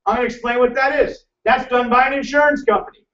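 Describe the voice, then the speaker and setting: High-voiced shouting seminar man, echoey. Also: fairly even intonation, quick pace. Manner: loud, emphatic, hectoring, teasing the audience. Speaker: financial seminar presenter. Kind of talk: motivational seminar lecture. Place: seminar room before a live audience. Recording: echoey, distant, dull room recording.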